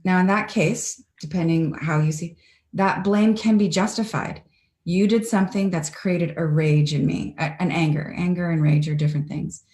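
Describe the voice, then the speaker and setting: A woman's voice: lowish voice, normal speed, darkish tone, roomy sound. A Canadian woman speaking earnestly and reflectively as an interview guest over a video call.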